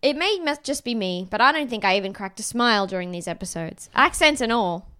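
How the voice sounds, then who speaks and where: A woman's voice: a little high, animated, a little fast, sharp tone, clear, resonant tone. Laughing woman reading a review aloud. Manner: reads aloud with dry emphasis, laughs often. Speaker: podcast co-host reading a review. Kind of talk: casual comedic chat.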